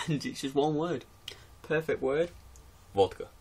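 A man's voice: on the high side, fairly even intonation, unhurried, darkish tone, husky. A man vlogging in his bedroom in casual, rambling chat to camera, giggling often. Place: bedroom with music posters on the wall.

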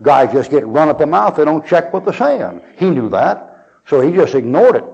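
A man's voice: a little high, sing-song, moderate pace, gravelly, a little mellow, slightly rough, highs cut off. A man preaching a sermon as a folksy storyteller who chuckles and acts out his dialogue.

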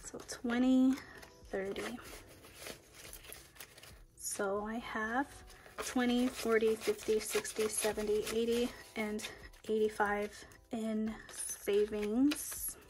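A woman's voice: a little high, level tone, takes it slowly, long pauses, darkish tone, a little hiss or hum. A young woman, chatting casually while counting cash for her budget. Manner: counting bills aloud, chatty and upbeat. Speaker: budgeting vlogger. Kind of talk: casual cash-stuffing chat.

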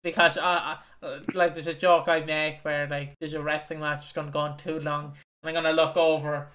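A man's voice: fairly high pitch, flat delivery, fairly quick, pushed and bright. A young British man co-hosting a podcast, chatting in a casual, sweary and teasing way. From Britain. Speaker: podcast co-host. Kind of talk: casual chat.

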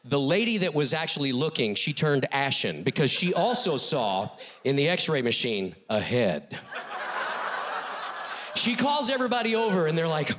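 A middle-aged male ventriloquist doing a comedy routine on a TV talk show stage. He is animated and often chuckles between lines. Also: fairly high pitch, normal speed, slight background noise. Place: TV studio stage with audience.

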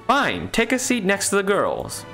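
A man voicing a brisk, bossy woman camp leader in a sing-song, patronizing way. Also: high voice, wildly swooping pitch, vocal fry, sharp tone, soft background music, pitched above the performer's own voice, exaggerated voice.

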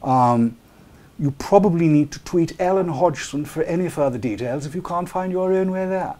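A man's voice: on the high side, fairly quick, warm tone. A middle-aged man hosting a casual live webcast, joking and rambling with chuckling asides. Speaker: show host.

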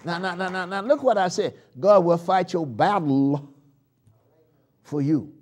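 A man preaching a live church sermon, swinging from loud shouts down to hushed murmurs and leading the congregation in call-and-response chants. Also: high-pitched, a little slow. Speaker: pastor. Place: church sanctuary.

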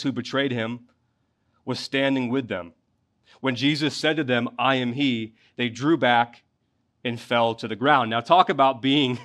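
A man's voice: mid-range voice, a bit bright. Male pastor with a faint twang and a mid-range voice. Expository sermon delivery that climbs to passionate peaks. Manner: expository preaching, rising in intensity at key points.

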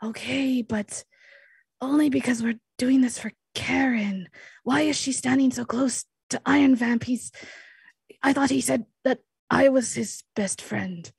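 A woman's voice: high-pitched, a little slow, creaky, a little mellow, slightly rough, no echo, heavily acted. A woman voicing a jealous, needy young male fighter in a grudging, wounded tone.

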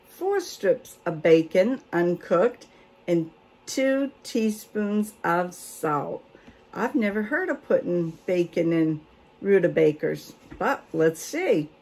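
A woman's voice: medium pitch, darkish tone. An older woman, chatting casually and reading a cookbook aloud with folksy asides. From Maine. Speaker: homestead vlogger.

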